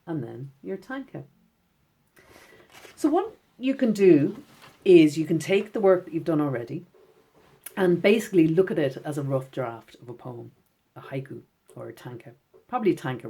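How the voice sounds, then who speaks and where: A low-pitched woman teaches schoolchildren in a gentle, encouraging tone. She reads her poems out slowly and with care. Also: creaky, slightly rough. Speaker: poet teaching children. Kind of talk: recorded lesson for schoolchildren.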